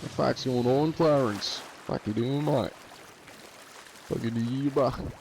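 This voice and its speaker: A man's voice: mid-range voice, slow pace, a little hiss or hum, pitched above the performer's own voice. A man voicing a rowdy, foul-mouthed Australian bloke with a mock Australian accent who swears constantly. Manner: swears constantly, loud and laddish.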